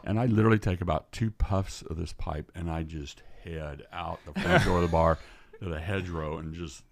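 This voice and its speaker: An older man with an extremely deep voice tells a long story as a podcast guest in casual conversation, speaking at a normal speed in an animated way. He rambles and restarts his sentences often, and the recording sounds close and dry with no room echo.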